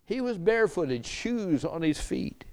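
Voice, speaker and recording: A man preaching a sermon as pastor, emphatic, with repeated rhetorical questions and drawn-out phrases. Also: sits high, sing-song, darkish tone.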